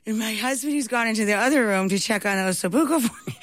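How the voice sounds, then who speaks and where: A woman being interviewed, telling stories in an animated way and laughing often. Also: mid-range voice, quick pace, dry recording. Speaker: guest, talk show host and cookbook author. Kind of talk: anecdotal storytelling in an interview.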